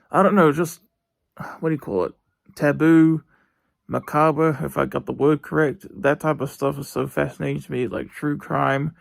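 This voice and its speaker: Gravelly rambling New man. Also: medium pitch, no echo, clean studio sound. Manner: rambling, halting, lots of fillers and restarts. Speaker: vlogger. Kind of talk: casual TV review monologue. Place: bedroom.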